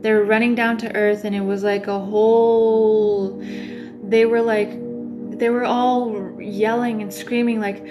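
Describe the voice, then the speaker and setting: A woman's voice: medium pitch, flat delivery, a little slow, over music. A woman tarot reader on a livestream, telling a dream in a rambling way with many fillers.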